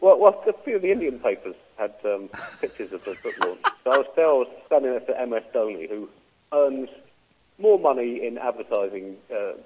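A man co-hosting a comedy podcast, delivering absurd jokes deadpan with frequent chuckles. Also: medium pitch, a little fast, background noise. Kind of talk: comic monologue and banter. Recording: phone-like narrow band.

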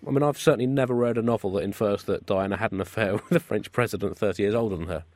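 A man co-hosting a comedy radio show, wry and deadpan. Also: on the low side, very fast, dry recording. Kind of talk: comic radio banter.

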